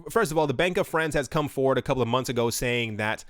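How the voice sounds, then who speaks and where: A man's voice: mid-range voice, fast, no echo, studio quality. A man commenting casually and with strong opinions on crypto news, talking loosely with many fillers and restarts. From United States. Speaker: crypto video host.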